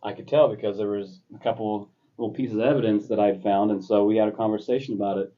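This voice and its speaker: An earnest man reflecting aloud as a podcast co-host, his low voice staying flat. He sits back from the mic, and the recording is dull and lo-fi. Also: quick pace, distant mic. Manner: earnest, reflective, speaks in run-on thoughts. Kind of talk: casual chat.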